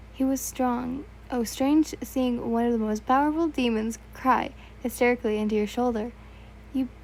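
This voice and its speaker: A woman's voice: fairly high pitch, darkish tone, slight background noise, rough recording. A young woman reading fan fiction aloud in a casual, stumbling way, correcting herself and adding asides.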